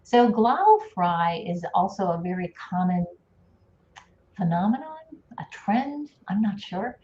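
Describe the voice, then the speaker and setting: A woman's voice: medium pitch, lively intonation, measured pace, dark tone, slight background noise. Woman coach, casual explainer, laughs easily; roomy, dull call audio. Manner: explains with demonstrations, laughs often. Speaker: speech and voice coach. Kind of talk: casual live-stream chat. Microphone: video call.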